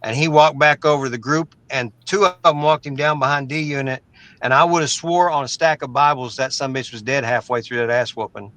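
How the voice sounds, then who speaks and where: A man's voice: medium pitch, steady tone, fairly quick, a bit bright, no room sound, rough recording. Blunt, profane middle-aged man. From Oklahoma. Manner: blunt and profane, stumbling repeats. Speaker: interview guest. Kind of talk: casual storytelling.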